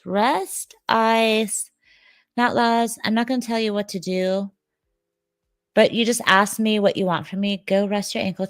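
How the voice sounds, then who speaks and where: Sleepy woman, livestream host, slow gravelly chat, rambling and joking with viewers. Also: mid-range voice, no room sound. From Detroit, Michigan, USA.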